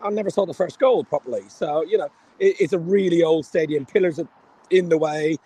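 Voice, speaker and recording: Excited man on a phone. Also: a little high, fairly quick, husky. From Ireland. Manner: rambling, excited, swearing freely. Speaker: live correspondent at the match. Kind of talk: excited phone call from a match. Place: outdoors near a stadium. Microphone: phone held to his ear.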